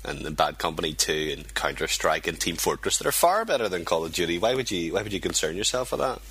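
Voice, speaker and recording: Low husky guy rattling on fast in a podcast chat. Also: sing-song, fairly bright tone. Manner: fast, rambling, chatty. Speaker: podcast co-host. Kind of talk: casual chat.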